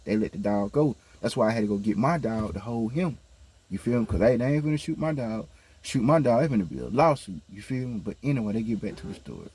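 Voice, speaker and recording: A man telling a story casually to his viewers, with a slightly scratchy throat from a cold, chatty and animated, often checking in with his listeners. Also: on the low side, fast, breathy edge. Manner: animated when retelling events. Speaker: vlogger.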